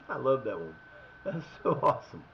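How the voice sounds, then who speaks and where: A man's voice: medium pitch, very animated, measured pace, highs cut off, a little hiss or hum. A man streaming a football management game, talking at his players, often frustrated and swearing. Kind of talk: live gameplay commentary.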